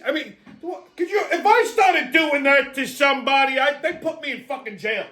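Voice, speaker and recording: A man in his seventies hosts his own show, telling stories and ranting about the news with constant swearing. He talks loudly and in an animated way, and his voice sits high for a man. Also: moderate pace, hardly any pauses, echoey room. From New England. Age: 70s. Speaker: show host. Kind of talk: profane political rant and storytelling.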